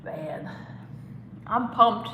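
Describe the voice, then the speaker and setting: A woman's voice: fairly high pitch, expressive, very slow, pushed and bright, reverberant, in a large hall, a little hiss or hum, low-quality recording. A woman hosting a casual live stream, rambling, giggling and reading chat comments aloud. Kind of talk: casual watch-along chat.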